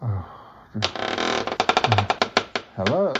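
A man's voice: medium pitch, moderate pace. A man hosting a podcast, playing himself in a comedy sketch and talking in a hesitant, stammering way. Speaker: podcast host. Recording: dull lo-fi sound, faint music.

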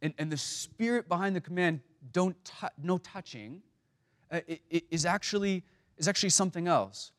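A man's voice: high voice, fast talker, a bit bright. Pastor guy preaching, lightish voice, keeps restarting words, chatty. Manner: conversational, frequent stammered restarts. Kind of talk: sermon.

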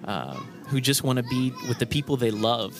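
A man's voice: mid-range voice, normal speed, music in the background. A man chatting as a guest on a podcast, rambling and hesitant, with many "uh"s and "um"s. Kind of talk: casual chat.

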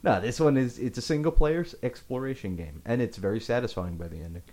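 A man's voice: quick pace, a little hiss or hum. A man co-hosting a casual gaming podcast, recommending a game with enthusiastic emphasis. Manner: enthusiastic reviewer, animated swings in pitch. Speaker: podcast co-host.

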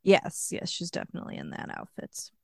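A young woman co-hosting a podcast, sharing facts in a laid-back, steady way. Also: brisk, dry recording, clean studio sound. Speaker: podcast co-host. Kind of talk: casual chat, sharing facts.

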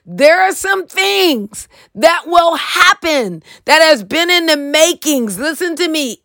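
A woman's voice: high voice, animated, slow, hardly any pauses, a bit bright, no echo. A middle-aged woman preaching on a podcast, reading scripture and urging listeners with "listen to me.". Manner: earnest, repeats "listen to me" and "okay".

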